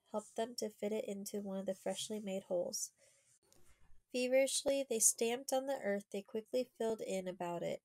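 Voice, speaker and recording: A woman reading a children's historical novel aloud in a measured, steady way. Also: medium pitch, dry recording, poor audio. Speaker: audiobook reader. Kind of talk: storybook narration.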